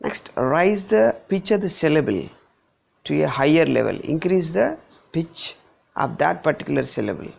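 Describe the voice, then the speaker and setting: A middle-aged man with an Indian English accent teaching a pronunciation lesson, repeating words slowly with exaggerated stress. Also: on the high side, lively intonation, creaky. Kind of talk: slide-based pronunciation lesson.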